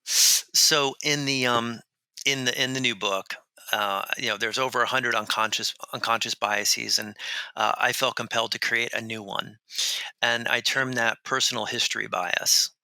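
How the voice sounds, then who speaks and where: A man tells a story as a podcast guest, rambling and restarting as he goes. His voice is gravelly and very bright, with a sharp edge. The sound is dry and close. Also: medium pitch, normal speed, no echo, rough recording. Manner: animated, rambling, with many restarts. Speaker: author and guest. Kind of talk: conversational storytelling.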